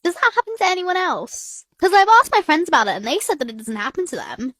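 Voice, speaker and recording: High-voiced woman ranting in a dry room. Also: big pitch swings, quick pace, fairly bright tone, dry recording. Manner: exasperated, talks back at an app. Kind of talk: comedic rant to camera.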